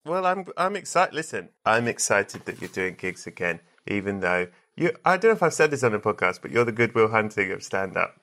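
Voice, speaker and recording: A man's voice: fairly low pitch, sing-song, a little fast, hardly any pauses, fairly bright tone. A man hosting a podcast, chatting casually and teasing his guest in a playful way. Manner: playful, teasing, mock-grand announcing. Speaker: podcast host. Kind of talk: casual chat.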